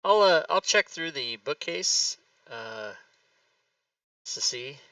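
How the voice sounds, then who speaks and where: A man's voice: mid-range voice, animated, takes it slowly, pushed and bright, dry recording, far from the mic, low-quality recording. A man chatting casually as a player in an online tabletop game, making offhand jokes. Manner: joking, offhand remarks.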